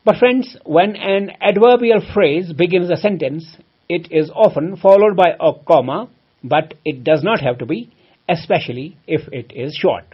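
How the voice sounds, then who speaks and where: Husky-voiced man teaching grammar. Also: a little high, lo-fi sound. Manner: measured, explaining with examples, addresses listeners as friends. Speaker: English teacher. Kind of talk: grammar lesson. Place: home.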